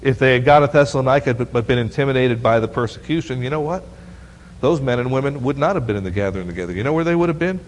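A man preaching a sermon as pastor, animated and often asking the congregation questions. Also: mid-range voice, a little fast, slight background noise. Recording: long hall reverb.

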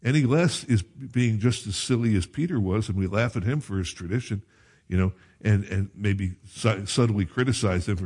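Male pastor, slightly low and husky voice, conversational preaching with asides. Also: normal speed, a little mellow. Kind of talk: sermon.

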